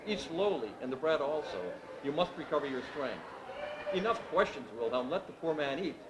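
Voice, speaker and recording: A man's voice: on the high side, animated, moderate pace, a crowd in the background, natural voice. A man doing a tender young peasant woman. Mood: caring. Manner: soft, gently coaxing. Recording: echoey room with background noise.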